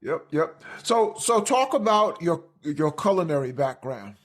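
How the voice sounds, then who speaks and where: A man's voice: a little high, very animated, unhurried. A man hosting a podcast, prompting his guest conversationally and often repeating words as he starts a sentence. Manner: friendly prompting, repeats words when starting, many backchannel murmurs. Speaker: podcast host. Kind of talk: conversational interview.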